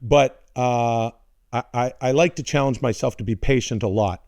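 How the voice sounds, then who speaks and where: Man in his forties, podcast co-host, casual storytelling, rambling and profane, dry close sound, middle pitch. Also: moderate pace, darkish tone, no room sound. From North America. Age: 40s. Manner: rambling, swearing, restarts, put-on voices for relatives.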